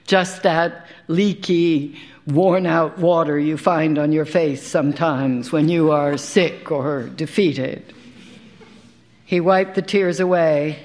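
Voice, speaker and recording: A woman, an actor, giving a live dramatic reading of a first-person short story, in a wry, conversational way with dry asides. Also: on the low side. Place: live stage performance.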